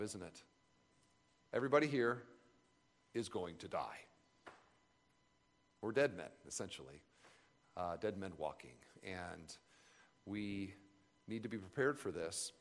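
A man giving an earnest, reflective sermon at a camp retreat, pausing and restarting as he speaks. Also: medium pitch. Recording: long reverb of a large hall.

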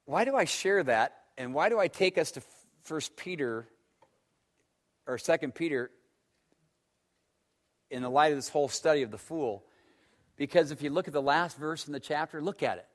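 A man preaching a sermon, telling stories and swinging between loud emphatic stretches and hushed ones. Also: a little high, lively intonation, normal speed, long pauses. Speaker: pastor.

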